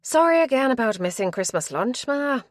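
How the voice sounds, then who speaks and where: A woman's voice: a little high, big pitch swings, moderate pace, dry recording, studio quality, voice pushed up. A woman voicing a woman detective apologizing to her mother over the phone. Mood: apologetic.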